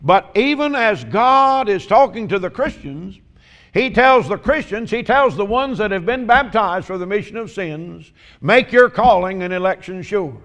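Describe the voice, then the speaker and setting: Folksy preacher, high voice. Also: male voice, animated, a bit bright. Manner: folksy storytelling, drawn-out emphatic questions. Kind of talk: sermon with humorous stories.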